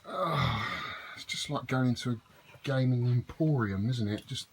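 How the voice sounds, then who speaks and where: A man's voice: medium pitch, a little slow, noisy background. A man hosting a casual vlog in a home games room, bantering with a friend, swearing freely and gushing with enthusiasm. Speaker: vlog host.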